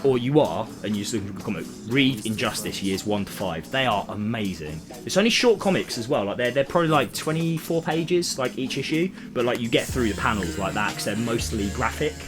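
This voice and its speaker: A man's voice: mid-range voice, brisk, hardly any pauses. Young man telling a comic story. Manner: animated storytelling, acts out characters' lines. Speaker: podcast co-host. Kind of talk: casual podcast chat. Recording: music playing behind.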